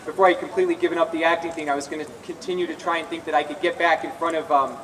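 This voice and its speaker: A man with a high, bright, forceful voice gives a confessional testimony to an open-air crowd, circling back over his words. He is picked up from a distance, with faint outdoor ambience underneath. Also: steady tone, rapid-fire, slight background noise. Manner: earnest and confessional, with frequent restarts. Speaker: speaker at a recovery rally. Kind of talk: personal testimony speech. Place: outdoor rally in a public square.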